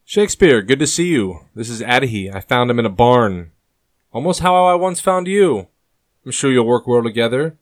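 A man's voice: on the low side, normal speed, dry recording, clean studio sound, close to an everyday voice. A man voicing the commanding leader of a rebel group, speaking sharply and with proclamation, in an audiobook. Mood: sarcastic.

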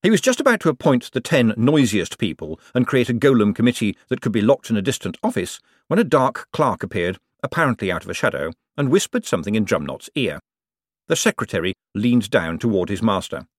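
A man reads a comic fantasy novel aloud in a dry, wry storyteller's manner, his pitch rising and falling with great life. He sits close to the microphone in a dead, dry booth with no room sound at all. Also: a little fast, no room sound. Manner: dry, wry storytelling with lively voiced characters. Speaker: audiobook narrator.

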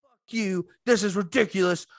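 A man's voice: sits high, normal speed, vocal fry, no room sound, studio quality, pitched above the performer's own voice. A man voicing an enraged elderly male veteran who curses and rants in a raised voice. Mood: angry ranting. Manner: ranting, raised voice. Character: furious old male veteran, cursing.

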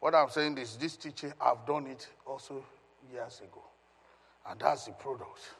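A man's voice: mid-range voice, moderate pace, fairly bright tone, slightly rough. Man preaching in a reverberant hall. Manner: emphatic, questions the congregation. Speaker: pastor. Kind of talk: Bible teaching.

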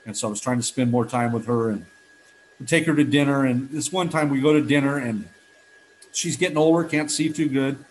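A man's voice: mid-range voice, fairly quick, a little mellow, slight background noise, rough recording. A man in his fifties giving a heartfelt personal testimony at a recovery meeting, telling stories earnestly with frequent restarts.

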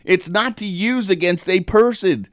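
A man's voice: sits high, a little slow, dry recording, clean studio sound. A man on a talk panel, giving his opinion in a fired-up, emphatic way and repeating words when he gets worked up.

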